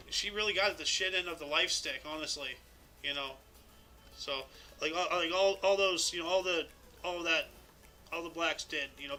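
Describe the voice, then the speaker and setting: A man's voice: on the high side, bright, forceful tone. A man hosting a casual group chat, reading out history dates and rambling with lots of fillers. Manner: rambling, filler-heavy, chuckling. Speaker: podcast host.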